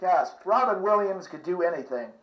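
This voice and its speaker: A man's voice: high-pitched, animated, moderate pace. A male host who rambles casually and chuckles at his own stories, on an echoey lo-fi recording. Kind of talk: casual show talk with impressions.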